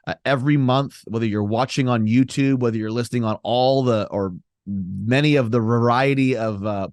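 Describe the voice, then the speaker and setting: Upbeat podcast host guy, dry close sound, mid pitch, lots of ums. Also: dry recording. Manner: upbeat, thankful, with many fillers. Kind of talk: casual podcast chat.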